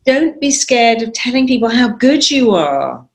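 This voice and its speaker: Being interviewed as a guest, a middle-aged therapist retells stories with animation, emphasis, and confidence. She speaks at a measured pace in a slightly high voice.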